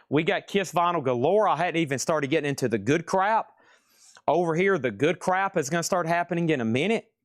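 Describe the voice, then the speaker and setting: Guy running a live record auction stream, kinda high voice, dry close sound, joking and repeating himself fast. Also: lively intonation, no room sound. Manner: joking, rapid-fire, repeats phrases. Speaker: host of a live vinyl record sale. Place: record shop with crates.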